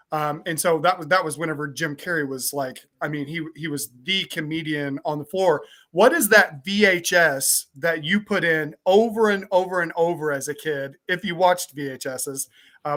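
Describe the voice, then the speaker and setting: Guy from southern illinois hosting, bright tense voice, long winding questions. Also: a little high. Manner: long, rambling, considered questions. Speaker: host. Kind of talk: interview questions.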